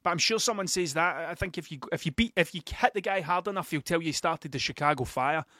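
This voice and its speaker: A Scottish dad hosts his podcast with a casual, rambling story that pokes fun at himself, swearing freely and repeating himself as he goes. His adult voice sits on the high side and comes out fast, pushed and bright. The studio recording is clean with no echo.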